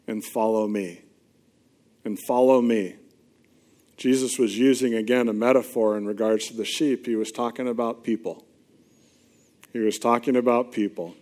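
Slow-speaking male pastor telling a story. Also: medium pitch, darkish tone. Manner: conversational storytelling, emphatic repetition. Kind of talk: sermon.

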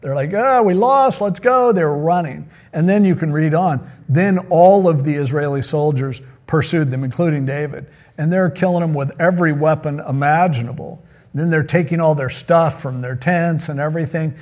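Male pastor, sermon, slightly high voice, casual joking storyteller. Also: steady tone, moderate pace, a little mellow. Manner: casual, joking storyteller who acts out quotes. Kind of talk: sermon retelling a Bible story.

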